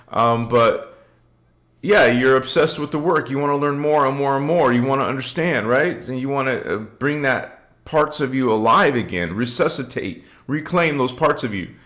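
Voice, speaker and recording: A man's voice: mid-range voice, fairly bright tone. Man chatting on a spiritual livestream. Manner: chatty, laughs often, greets viewers by name. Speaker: livestream host. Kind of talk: casual spiritual livestream talk.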